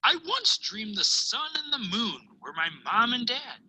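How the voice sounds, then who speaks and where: A woman teacher reads a picture book aloud to children, her voice bright, keen and a bit breathy. Her pitch swings widely as she tells the story, with hushed asides and dramatic pauses. The audio quality is poor.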